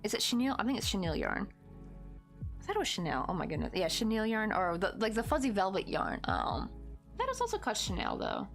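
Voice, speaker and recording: A woman's voice: medium pitch, wildly swooping pitch, fairly quick, gravelly, faint music behind. A woman from the United States hosting a crochet livestream, chatting in a rambling, laughing way and reading viewer comments aloud.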